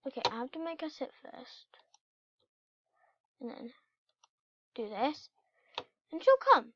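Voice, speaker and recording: A woman giving casual, excitable commentary while playing a video game and chatting to her in-game pets. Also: high voice, slow, husky. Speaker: gameplay channel host. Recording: dull lo-fi home recording.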